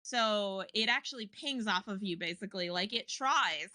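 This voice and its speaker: A woman's voice: mid-range voice, animated, moderate pace, pushed and bright, no room sound. A woman narrating as game master of a tabletop game, meandering with many fillers and restarts.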